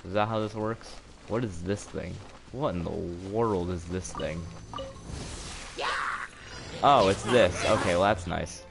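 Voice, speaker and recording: A man live-streaming a video game, rambling sarcastically and bursting out excitedly during fights. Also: low-pitched, unhurried, vocal fry, pauses often. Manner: sarcastic, self-mocking rambling with excited outbursts. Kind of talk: live gameplay commentary. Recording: game music playing under voice. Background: game music.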